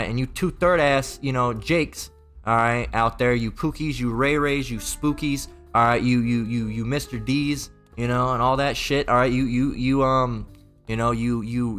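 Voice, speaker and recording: A man's voice: medium pitch, fairly bright tone. Crude, rambling man ranting a sermon. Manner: mocking, crude, repetitive, stumbling restarts. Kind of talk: profane rambling religious rant.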